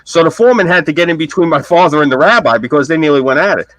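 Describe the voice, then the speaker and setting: A man chatting casually on a live stream, spinning animated stories and acting out the people in them. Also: a little high, racing, no echo, low-quality recording. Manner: animated storyteller who acts out the people in his stories. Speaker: guest storyteller.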